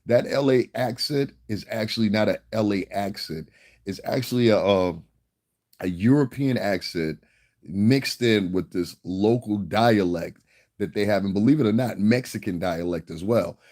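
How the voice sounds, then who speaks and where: A man's voice: lowish voice, normal speed, darkish tone. A man from the Northeastern US vlogging in a casual monologue, rambling and profane and chuckling often.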